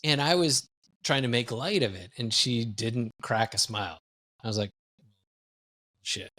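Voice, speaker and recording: A man's voice: medium pitch, lively intonation, normal speed, pushed and bright. A man from Wisconsin, a guest executive coach telling a candid, self-deprecating story in a podcast interview.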